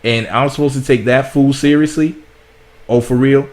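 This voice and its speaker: A man's voice: mid-range voice, steady tone, moderate pace, a little mellow. A man from the United States delivering blunt, sarcastic political commentary as a vlog host, often repeating himself. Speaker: commentary vlogger.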